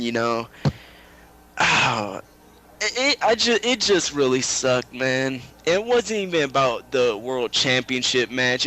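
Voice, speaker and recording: A man's voice: mid-range voice, fairly bright tone, poor audio. A man, a wrestler, answering interview questions in a rueful, joking way. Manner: rueful and joking, laughs at his bad luck. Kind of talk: shoot interview.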